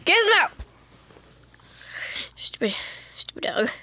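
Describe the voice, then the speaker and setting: A woman streaming a video game, chatting to herself in a giggly way and breaking into excited squeals. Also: extremely high pitch, takes it slowly, no echo. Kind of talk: casual let's-play commentary.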